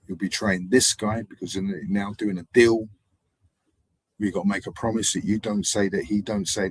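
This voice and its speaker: A man hosting a live stream, telling meandering stories and acting out the people in them, his loudness swinging up and down. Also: low-pitched, breathy edge, dry recording, poor audio. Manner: meandering storytelling with acted-out voices and sudden loudness swings. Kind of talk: rambling live-stream monologue.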